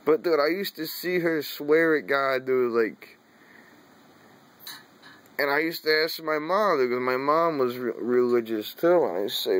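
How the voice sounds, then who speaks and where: A man's voice: mid-range voice, unhurried. A man telling a personal story in casual, profane talk, drawling and saying "dude" often, laughing now and then. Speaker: vlogger.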